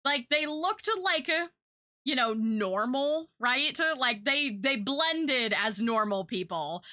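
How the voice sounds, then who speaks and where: A young woman from Kentucky, a streamer and artist, telling stories in casual chat, animated and full of fillers. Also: sits high, takes it slowly. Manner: chatty, animated, lots of fillers and quoted voices.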